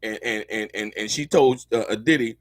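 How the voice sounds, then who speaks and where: A man with a slightly low voice talks at a moderate pace, with no echo in the recording. He's hosting a live show, riffing on court news in loose, slangy language, repeating himself and addressing his viewers directly.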